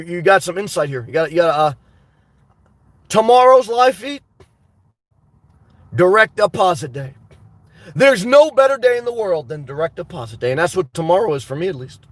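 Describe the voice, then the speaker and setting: Casual and crude, a man hosting a livestream responds to chat with rambling, off-the-cuff remarks and keeps restarting. His voice is high-pitched, and no room sound can be heard.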